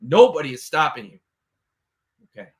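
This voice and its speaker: A man's voice: fairly high pitch, big pitch swings, normal speed. A young man speaking on an online panel, earnest and casual, sprinkling his talk with "right?" and "you know". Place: online video call.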